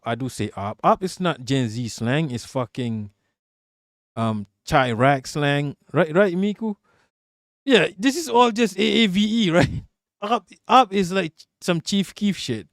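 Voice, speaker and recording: A man's voice: fairly high pitch, lively intonation, a little slow, dry recording, clean studio sound. A man streaming live, reading chat aloud and answering it in a casual, profane, joking way.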